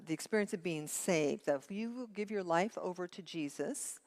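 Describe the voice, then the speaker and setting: A woman assistant minister giving a casual, chatty sermon in a church, telling jokes and often breaking off and restarting her sentences. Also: fairly low pitch. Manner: chatty, self-interrupting, tells jokes. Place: church sanctuary.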